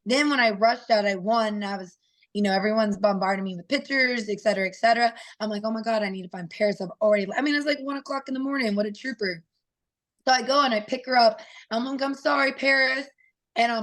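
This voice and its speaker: A woman in her thirties speaks as a guest on an interview show, telling stories about her children in a loose, conversational way. She slips into quoted voices and back out again, animated, with a fair share of fillers. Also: on the high side. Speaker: guest fighter. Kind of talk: casual interview storytelling.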